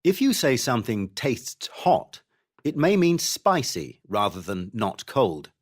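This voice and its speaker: Lively, slow-reading man. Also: mid-range voice. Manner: clear, expressive reading of examples. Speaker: textbook audio reader. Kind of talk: scripted vocabulary reading.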